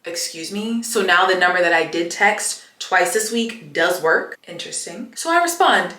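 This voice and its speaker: A young woman talks straight to her viewers in a bright, forceful voice, chatty and expressive. She leans into emphatic repeats as she vents. The room around her rings with a noticeable echo. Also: lowish voice, moderate pace. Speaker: vlogger. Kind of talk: casual chat to camera. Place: home, getting ready for the day. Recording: roomy echo.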